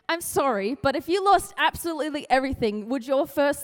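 A woman's voice: high voice, expressive, brisk. A woman giving a casual, playful youth sermon, chatty and acting out quotes in comic little voices. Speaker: youth speaker sharing a devotion. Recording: hall with long reverb.

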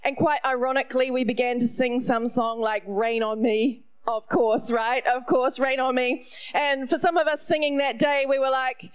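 A middle-aged woman with a New Zealand accent, preaching a sermon in an animated storytelling way with playful asides. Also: high-pitched, moderate pace, clear, resonant tone. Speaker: pastor.

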